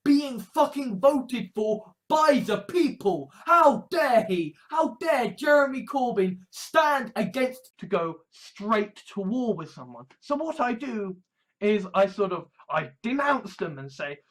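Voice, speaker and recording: In a rough recording, an online commentator with an extremely high, expressive voice rants slowly in a compilation of commentary. Sarcastic and exasperated, he swears often and repeats a mocking phrase in escalating outbursts.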